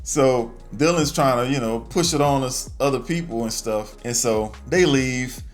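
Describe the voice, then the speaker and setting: A man's voice: medium pitch, unhurried, faint music behind. Laid-back man recapping a movie. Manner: laid-back, slangy storytelling with asides. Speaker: movie reviewer. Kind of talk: casual spoiler recap.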